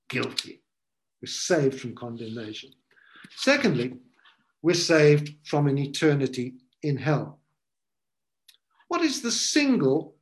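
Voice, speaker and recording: A pastor delivering a sermon, his voice pitched a little high for a man. He preaches emphatically, leaning on key words and letting dramatic pauses hang between phrases.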